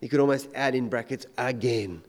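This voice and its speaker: A man preaching a sermon, swinging between loud emphatic declarations and hushed, intense questions. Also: mid-range voice, fairly quick.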